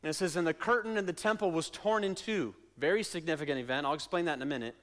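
A male pastor preaching a sermon in a church, using repeated questions and refrains and swinging between soft and loud delivery. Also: on the high side, fast talker. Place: church sanctuary.

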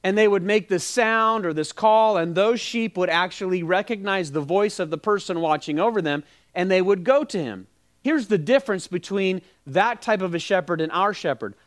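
Male pastor, high voice, lively sermon storyteller, middle-aged. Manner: animated storytelling with quoted dialogue.

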